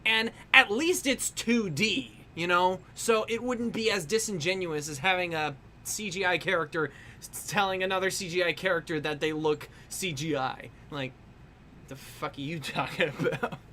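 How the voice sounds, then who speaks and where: Streamer artist, casual drawing-stream chatter, rambles and swears, bright forceful tone. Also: medium pitch, normal speed, slight background noise. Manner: rambling, swears freely, laughs often, restarts lots. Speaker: artist livestreaming while drawing.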